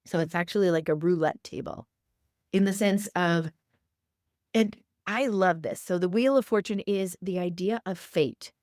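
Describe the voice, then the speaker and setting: Low-voiced woman giving a tarot reading. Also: moderate pace, a little mellow, no echo, studio quality. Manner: repeats encouraging affirmations. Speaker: tarot reader and podcast host. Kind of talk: tarot forecast talk.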